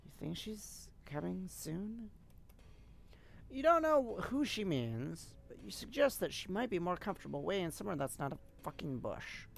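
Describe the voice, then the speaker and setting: A streamer reading a game's narration aloud on a live stream, unhurried and expressive, with casual asides. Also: mid-range voice, creaky.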